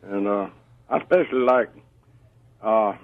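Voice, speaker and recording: Gravelly man on a phone line. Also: fairly low pitch, no room sound. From Georgia, US. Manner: slow, easygoing, chuckling. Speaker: caller. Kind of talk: phone call-in chat.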